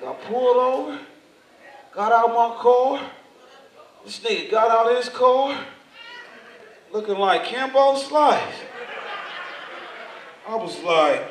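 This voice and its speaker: A man doing stand-up comedy in a large hall, telling his story loudly and with lots of swearing. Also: extremely high pitch, takes it slowly, long pauses. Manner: loud, profane, animated storytelling. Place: large hall in front of a live audience. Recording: echoey hall, voice from far, noisy.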